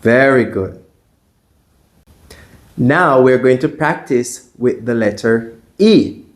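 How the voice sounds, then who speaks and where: A male Mandarin teacher speaks at a very slow, measured pace, leaving long pauses as he walks through the tones one by one. His voice sits at an ordinary middle pitch, and he models each sound carefully. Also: lively intonation. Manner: deliberate, models tones out loud. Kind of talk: slow, careful pronunciation lesson.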